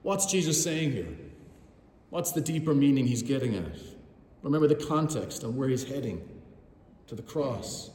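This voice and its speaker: Preacher in an echoing hall. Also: male voice, medium pitch, expressive, normal speed, a little mellow, a little hiss or hum. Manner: vivid storytelling, addresses the congregation. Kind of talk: sermon. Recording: roomy hall with long reverb.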